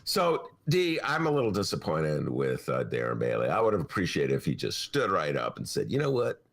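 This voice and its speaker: Podcast co-host, male, political banter, very lively pitch, bright edge. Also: normal speed, gravelly. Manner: animated, joking, swings his pitch a lot. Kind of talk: casual political chat.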